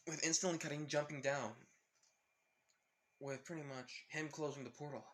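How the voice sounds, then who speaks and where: A man's voice: a little high, fairly even intonation, moderate pace, fairly bright tone. A young man casually retelling a fan story, rambling with lots of restarts. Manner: rambling, full of fillers and restarts.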